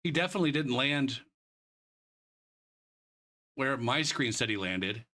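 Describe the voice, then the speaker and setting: Sweary young streamer, bright and lively. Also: male voice, mid-range voice, unhurried. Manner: swears a lot, rants about the race; shouts in disbelief at the replay. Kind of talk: casual gaming stream commentary.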